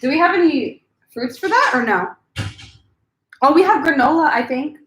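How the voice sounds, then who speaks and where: A chatty woman hosts a casual crochet livestream from home. She has a slightly high voice and laughs often, and she eats while she talks. Her voice comes through a computer camera mic. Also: lively intonation, moderate pace, a bit bright. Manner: giggly, chatty, eating while talking. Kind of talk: casual live-stream chat.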